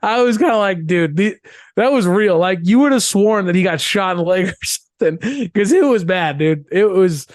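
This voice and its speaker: A man with a notably high voice talks sports on a podcast, opinionated and emphatic. He comes back to the same point again and again to drive it home. The sound is dry and close. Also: lively intonation, fairly quick, hardly any pauses, no echo. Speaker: podcast co-host. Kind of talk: casual sports chat.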